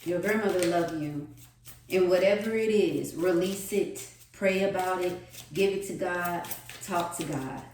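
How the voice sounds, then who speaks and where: Woman doing a tarot reading, slow and kinda low, far from the mic in a really echoey room. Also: darkish tone. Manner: slow, repetitive, earnest delivery. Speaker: tarot reader.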